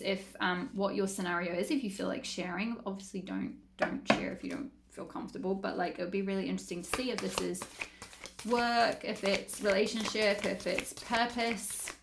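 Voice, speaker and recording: A woman's voice: mid-range voice, vocal fry, heavy background noise. A woman giving a casual tarot reading to her viewers, chatty and rambling, with lots of fillers. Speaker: tarot reader.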